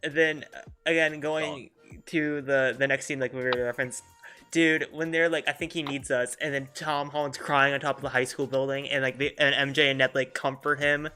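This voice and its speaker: A man co-hosting a podcast, chatting casually and with excitement, full of "like" and "dude". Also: medium pitch, brisk, soft background music. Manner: enthusiastic, fills with "like" and "dude". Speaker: podcast co-host. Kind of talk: casual chat.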